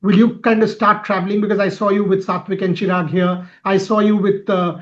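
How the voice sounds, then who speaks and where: A man's voice: high-pitched, level tone, a little fast, dull audio. A man interviewing a badminton coach, asking long, wordy questions. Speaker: sports interviewer.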